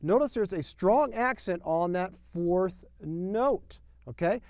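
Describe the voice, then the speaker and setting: A man with a fairly high voice leads a drum lesson in an upbeat, folksy manner. He leans hard on key phrases and sometimes sings out drum syllables. The sound is dry and close. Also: animated, slow pace, darkish tone, dry recording. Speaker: drum teacher. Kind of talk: video lesson.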